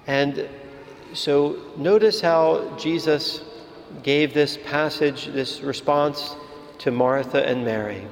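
A man, a priest, giving a calm, measured sermon in a church. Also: on the high side. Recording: reverberant hall with faint ambience.

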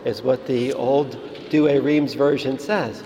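A man, a priest, giving a calm, measured sermon in a church. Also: medium pitch, a little hiss or hum. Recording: reverberant hall with faint ambience.

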